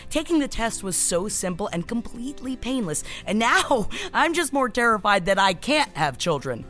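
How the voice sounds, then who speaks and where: A woman's voice: a little high, very animated, moderate pace, a bit bright, soft background music. A woman co-hosting a podcast, chatting and reading an ad in a brash, comic, self-deprecating way. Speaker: podcast co-host. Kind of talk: casual chat and host-read ad.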